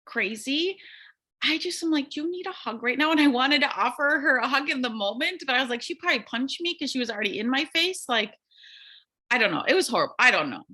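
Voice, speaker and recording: Bright-voiced woman retelling a stressful story. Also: high voice, brisk. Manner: animated retelling with quoted dialogue, anxious. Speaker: early childhood program teacher. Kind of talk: casual storytelling conversation.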